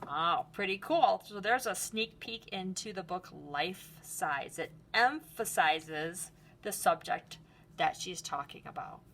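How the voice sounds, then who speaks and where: A woman art teacher showing picture books and reading aloud to children in a gentle, enthusiastic way. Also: on the low side, lively intonation, takes it slowly. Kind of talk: book read-aloud lesson for children.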